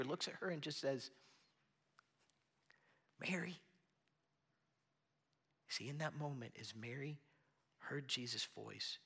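A man's voice: mid-range voice, sharp tone. A man preaching a sermon as pastor in a church with a small audience, earnest and conversational, often restarting his phrases.

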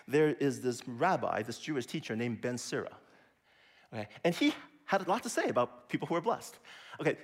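A man preaching a sermon in a lively, conversational way, often checking in with his listeners. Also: a little high, husky. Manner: lively, conversational preaching with frequent "okay?" and "right?". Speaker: pastor.

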